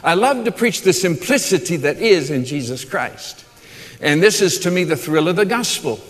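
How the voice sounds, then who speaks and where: A man preaching a sermon to a church congregation, enthusiastic and fond of restarting his phrases with "uh," and warmly addressing people in the room and those watching online. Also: on the high side, lively intonation, normal speed. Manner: enthusiastic, repeats words and restarts with frequent uh; warm asides to the congregation and online viewers. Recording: long hall reverb.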